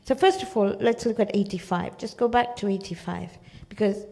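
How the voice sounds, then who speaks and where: Low-toned woman with a gravelly edge. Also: normal speed, dark tone. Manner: storytelling, often checks in with "okay?". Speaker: Quran study teacher. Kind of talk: explanatory religious lesson.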